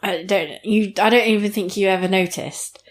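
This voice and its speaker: A woman's voice: mid-range voice, fairly even intonation, moderate pace. A young woman on a podcast as a guest, chatting frankly and making fun of herself. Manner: frank, self-mocking, laughs often. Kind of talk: casual chat.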